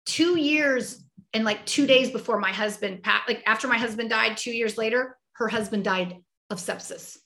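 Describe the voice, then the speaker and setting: Bright, heartfelt woman in an echoey room. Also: on the high side, moderate pace. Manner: heartfelt, reflective, frequent restarts. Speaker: podcast guest. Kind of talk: emotional conversational interview.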